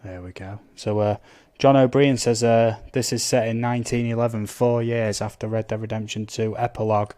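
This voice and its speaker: A man's voice: lowish voice, steady tone, moderate pace, few pauses, dark tone. A man chatting casually as he streams a game, reading out viewer comments and blurting out little sound effects. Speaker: gaming live streamer.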